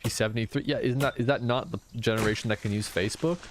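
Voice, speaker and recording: A man in his thirties, a streamer chatting casually while gaming, soft-spoken because he is tired and low on energy. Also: steady tone, fast, background noise. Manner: soft-spoken, reading and answering chat.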